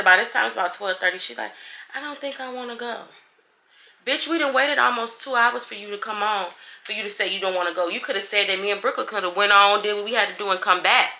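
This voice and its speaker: Young woman vlogging, super bright voice, animated and cussing while she tells the story. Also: medium pitch. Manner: animated, profane, acts out everyone's lines. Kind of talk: casual storytime retelling.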